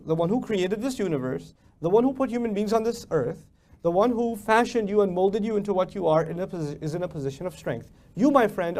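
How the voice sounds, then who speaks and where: A man's voice: high-pitched, darkish tone. A man giving a religious lecture as a preacher, emphatic and full of rhetorical questions. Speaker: Islamic preacher.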